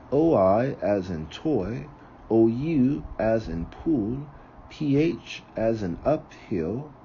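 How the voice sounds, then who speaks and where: A man reading aloud from a book, slowly and carefully, sometimes correcting himself. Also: medium pitch, vocal fry, dark tone, muffled recording, slight background noise. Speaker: reader of a book on ritual.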